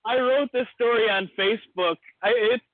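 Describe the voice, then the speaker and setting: A man's voice: extremely high pitch, moderate pace, no echo. A man co-hosting a podcast in casual chat, telling a rambling story and acting out the voices of the people in it. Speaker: podcast co-host. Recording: tinny phone-like line, dry.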